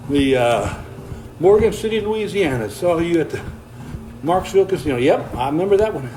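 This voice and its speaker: A man's voice: a little high, animated, moderate pace, dark tone, slight background noise, low-quality recording. An older man, chatting casually on a livestream, reading viewer comments while walking on a treadmill, folksy and easygoing, slightly out of breath. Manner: folksy, easygoing, chuckles often.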